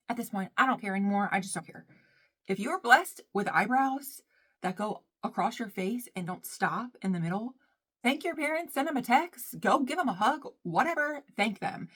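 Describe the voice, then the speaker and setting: A young woman talks through her makeup routine at home in a loose, rambling vlog chat. She wanders from topic to topic and keeps saying "y'all", with a friendly, unscripted flow. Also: medium pitch. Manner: chatty, rambling, says "y'all" often. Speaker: beauty vlogger. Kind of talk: casual chat while doing makeup.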